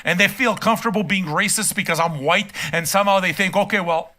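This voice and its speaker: A man's voice: high voice, quick pace, bright, forceful tone. An older man streaming a reaction and ranting casually from his room, profane, emphatic and heated. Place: home room.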